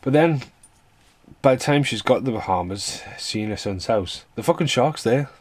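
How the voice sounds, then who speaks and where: A man's voice: medium pitch, lively intonation, normal speed, no room sound. A man giving a rambling, casual film review rant, swearing freely and laughing between points.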